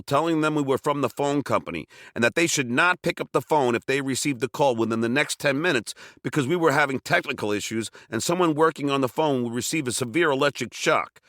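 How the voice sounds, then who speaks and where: A bright, wry man from Long Island, New York reads his own memoir as an audiobook, using self-mocking comic storytelling with sudden shouted quotes. His mid-range voice is recorded at studio quality with no echo.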